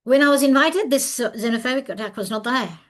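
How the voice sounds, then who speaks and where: Her voice sits on the high side, brisk and fairly bright, as she delivers a webinar lecture over a video call. Earnest and emphatic, she tells her story with a great deal of animation. She is from overseas and lives in South Africa.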